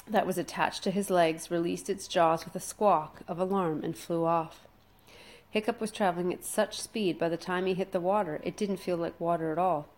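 A woman reading a children's adventure story aloud, dramatic and slowing down for suspense. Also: on the low side, darkish tone. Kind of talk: expressive storybook read-aloud.

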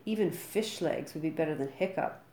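A woman's voice: sits low, moderate pace, mellow, echoey room, natural voice, low-quality recording. A woman voicing a Viking boy who sneers at a classmate. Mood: sneering.

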